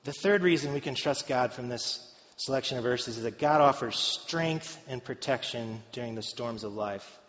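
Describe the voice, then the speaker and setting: A man preaching a sermon in a relaxed, conversational way, with joking asides to the congregation. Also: medium pitch, moderate pace. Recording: echoey hall, dull lo-fi sound.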